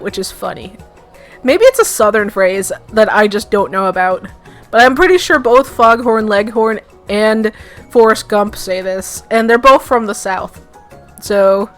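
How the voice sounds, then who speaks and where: A young Brooklyn woman with a Brooklyn accent chats and reads her way through a game, giggly and rambling, with lots of fillers. Her voice sits fairly high, and she takes her time, with faint music playing behind her. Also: fairly bright tone. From Brooklyn, New York. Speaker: let's play host. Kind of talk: casual game commentary and reading aloud.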